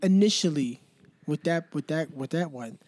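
A man's voice: a little high, normal speed, darkish tone. A man co-hosting a podcast, telling a story in laid-back casual chat with street slang. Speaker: podcast co-host.

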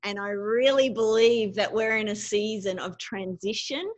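A woman with an Australian accent speaks as a podcast guest. She talks earnestly and from the heart, with a mid-range pitch. Her delivery is warm and sincere. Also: normal speed, dull audio. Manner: earnest, heartfelt, laughs easily. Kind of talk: podcast interview.

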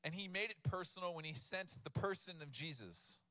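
A man in his thirties delivers a sermon with a casual, joking touch, turning scripture into lively everyday talk. His voice sits a little high and sounds bright and forward. The sound is close and dry. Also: fairly quick, dry recording. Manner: casual, humorous, animated storytelling with laughs. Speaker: pastor.

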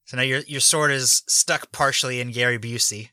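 A man runs a tabletop game and narrates the action plainly. His voice is very bright and forward, and it sits dry and close on the mic. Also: mid-range voice, fairly even intonation, normal speed, clean tone, dry recording. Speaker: game master.

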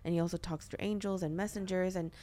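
A woman's voice: on the low side, steady tone, fast, mellow. A young woman hosting a podcast, talking earnestly about faith in a chatty way, full of filler words. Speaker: podcast host. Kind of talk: casual faith discussion.

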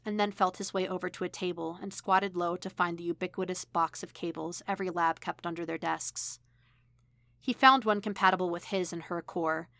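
A woman reading a fan fiction story aloud as narration, in a steady, even delivery. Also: lowish voice, creaky, no echo. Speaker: podfic reader.

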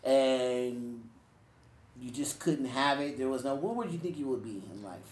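A speaker leading a casual group discussion, asking quick questions and giving short replies. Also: medium pitch, darkish tone. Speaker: discussion leader. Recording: roomy with faint background noise.

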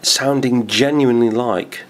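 A man's voice: mid-range voice, steady tone, a little slow. A man co-hosting a podcast, chatting casually, musing aloud and laughing often. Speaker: podcast co-host.

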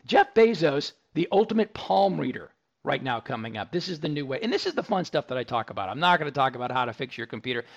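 A man's voice: fairly high pitch, very animated, quick pace, vocal fry, dull audio. A man hosting a live tech radio show on location from a store, chatting enthusiastically with tangents and restarts. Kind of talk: live radio talk broadcast.

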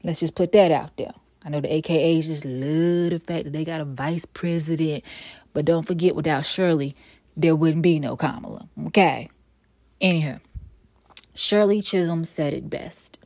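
Low-voiced, blunt, profane woman host. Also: normal speed, no room sound. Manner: blunt, profane and emphatic, with sudden loud bursts; swings between weary sighs and sassy exclamations. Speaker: podcast host. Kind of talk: casual solo monologue.

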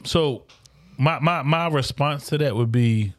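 A man's voice: medium pitch, unhurried. A man in casual talk with friends, explaining his fantasy football picks at length with many restarts. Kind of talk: casual banter among friends.

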